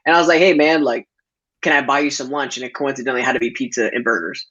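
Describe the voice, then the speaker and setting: A man's voice: medium pitch, fairly even intonation, fast, a bit bright, breathy edge. A man guest telling a casual story over a call, loose and filler-heavy, laughing often. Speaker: podcast guest. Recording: dull lo-fi audio.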